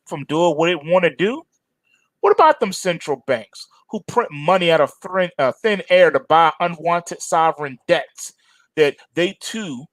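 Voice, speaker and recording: A man's voice: fairly high pitch, no room sound. A man hosting a market commentary monologue, sardonic and emphatic, mocking as he goes.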